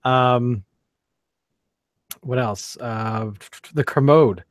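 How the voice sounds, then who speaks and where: A man's voice: mid-range voice, drawn-out words, dry recording. Rambling man in a dry room. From Canada. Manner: rambling, many fillers and restarts. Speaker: podcast co-host. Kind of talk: casual chat.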